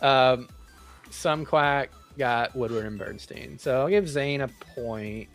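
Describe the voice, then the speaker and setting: A man's voice: medium pitch, takes it slowly, a bit bright, soft background music. A man hosting a casual podcast quiz over a call, teasing the players between questions. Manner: joking, teasing. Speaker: quiz host.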